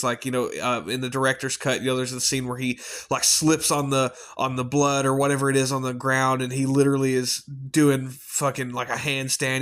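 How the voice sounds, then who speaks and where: A man's voice: medium pitch, a bit bright. Rambling, chatty male movie reviewer. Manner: rambling and chatty, with many fillers and casual swearing. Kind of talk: casual spoken movie review.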